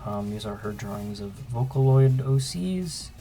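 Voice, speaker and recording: Slow, rambling young man. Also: mid-range voice. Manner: relaxed, rambling, frequent ums. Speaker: artist and channel host. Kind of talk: casual sketchbook flip-through commentary.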